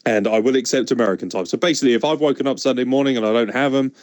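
A man's voice: mid-range voice, racing, darkish tone, no room sound, studio quality. A man hosting a casual wrestling podcast, joking and chatty. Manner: joking, mock wrestling promo bits. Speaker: podcast host.

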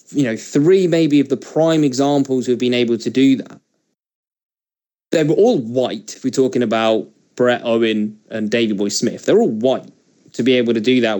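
A man's voice: mid-range voice, warm tone. A man co-hosting a casual podcast, talking in an opinionated way and swearing casually. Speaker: podcast co-host.

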